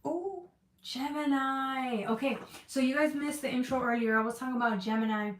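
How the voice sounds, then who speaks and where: A woman's voice: a little high, fast talker, recorded from a distance, slight background noise. Female tarot reader, earnest and repetitive, recorded in an echoey room off-mic. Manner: emotional, repetitive, searching for words. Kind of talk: casual tarot reading.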